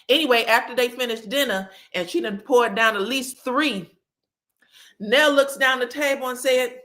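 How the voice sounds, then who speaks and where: A woman hosting a reality TV recap, telling the story in an animated, sassy and profane way. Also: on the high side, normal speed. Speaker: host.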